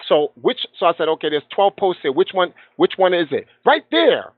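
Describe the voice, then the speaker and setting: A man's voice: fairly high pitch, brisk, no room sound. A man guest telling a heated story with passion, acting out the voices of people he quotes. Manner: passionate, acts out quoted dialogue. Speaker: guest gamer. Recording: tinny phone line.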